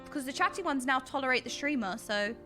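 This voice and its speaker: A woman streamer giving playful, sassy, excitable commentary while playing a game. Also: high voice, fast talker, faint music behind.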